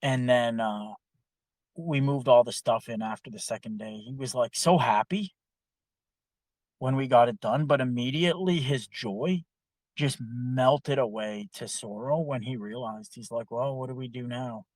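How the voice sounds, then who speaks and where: Casual young male podcaster, profane and animated, dry close mic. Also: medium pitch, measured pace, dry recording. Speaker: podcast co-host. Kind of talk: casual storytelling chat.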